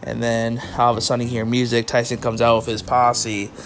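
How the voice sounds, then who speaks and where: A tired man hosting a solo podcast, talking loosely and rambling straight to his listeners, with a bit of swearing thrown in. His voice sits at an ordinary middle pitch. Faint music plays quietly behind him. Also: monotone, a little fast. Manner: casual, rambling, swears, addresses listeners as guys. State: tired, yawning. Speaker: podcast host. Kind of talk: solo wrestling review podcast.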